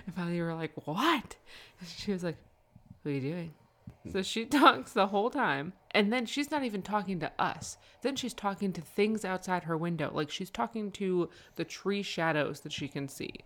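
A woman's voice: mid-range voice, brisk, hardly any pauses. A woman chatting casually as a parent, telling a family car story and laughing often. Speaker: podcast co-host, parent.

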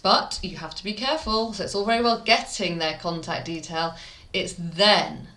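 A woman's voice: on the low side, moderate pace, pushed and bright, echoey room. A woman from the English Midlands, a PR expert guest chatting in an interview, telling stories animatedly and laughing often. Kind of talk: casual interview talk.

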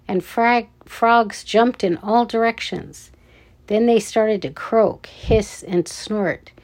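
A woman reading a children's adventure story aloud, with deliberate, measured narration. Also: mid-range voice, a little mellow.

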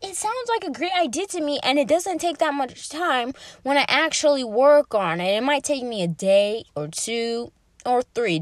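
Young woman, podcast host, rambling casual chat, slow unhurried delivery, dry close sound. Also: high voice, no room sound. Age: young adult. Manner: chatty, rambling, drifts between topics.

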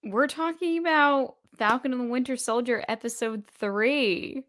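A young woman co-hosting a casual podcast chat, friendly and quick to laugh, on a home call mic. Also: fairly high pitch, a bit bright, no room sound. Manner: friendly, laughs easily, quick back-and-forth. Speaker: podcast co-host.

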